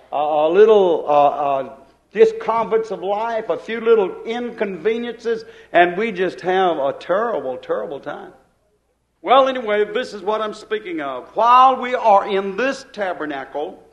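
A man's voice: sits high, animated, unhurried. A man preaching a sermon with fervent delivery, acting out cried prayers and using King James phrasing. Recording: dull lo-fi recording.

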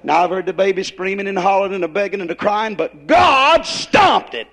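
A man preaches a revival sermon in a high, ringing voice. His talk is folksy and plain, and he swells into shouted emphasis. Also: animated, fairly quick. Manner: rises to shouted emphasis, folksy Southern grammar.

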